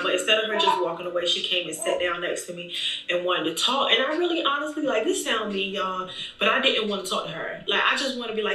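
A woman vlogger telling an emotional story in an animated, chatty way, talking straight to her viewers. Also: mid-range voice, a little fast. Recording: echoey room, distant mic.

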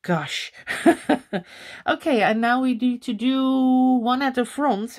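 A Dutch woman with a Dutch accent teaching crochet in a casual tutorial, chatting and counting stitches under her breath. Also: mid-range voice. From Netherlands.

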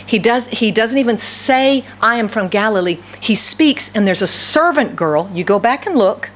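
A woman's voice: on the high side, lively intonation, moderate pace, slight background noise. A woman pastor from the southern United States with a light Southern accent, preaching a sermon and asking her congregation many rhetorical questions.

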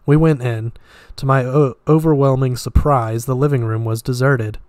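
A man reading a novel aloud at a steady pace, now and then stumbling and restarting words. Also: mid-range voice, normal speed, smooth, no room sound, studio quality. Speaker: audiobook reader.

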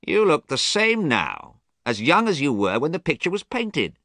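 A man voicing an amused, cynical gentleman in a storybook reading, slow and drawling. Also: fairly high pitch, wildly swooping pitch, no room sound, clean studio sound, voice pushed up, heavily acted.

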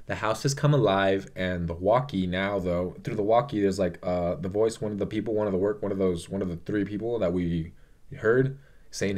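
A man's voice: deep voice, normal speed, darkish tone. Emotionele jonge man die vloekend over een film praat. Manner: emotional, swears often, rambles with fillers. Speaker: vlogger. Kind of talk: casual movie review.

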